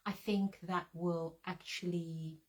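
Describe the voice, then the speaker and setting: A woman talking casually with her husband as co-host, chatty and unhurried, with frequent ums. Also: on the low side, level tone. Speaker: co-host, business partner. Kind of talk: casual chat.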